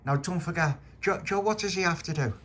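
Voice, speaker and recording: A man's voice: high-pitched, brisk, a bit bright, slight background noise, pitched above the performer's own voice. A man voicing a small, cheerful, eager best man who asks questions.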